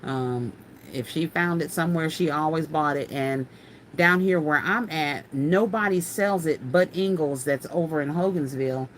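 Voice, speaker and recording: A woman's voice: sits low, moderate pace, a little hiss or hum. A woman hosting a casual craft livestream, chatting folksily and laughing often as she answers viewer comments.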